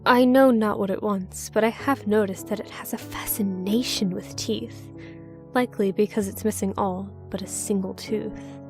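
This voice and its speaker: A woman's voice: mid-range voice, fairly even intonation, normal speed, faint music behind, natural voice. A woman voicing an older southern man, a recluse who speaks with a Southern accent in a stern, curt, ominous way. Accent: American Southern.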